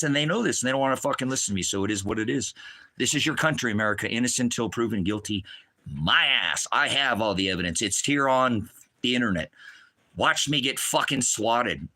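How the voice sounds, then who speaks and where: A middle-aged man preaching on a livestream, ranting in anger with constant swearing, swinging between shouting and low muttering. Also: animated, moderate pace. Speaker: ministry preacher. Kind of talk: angry livestream rant.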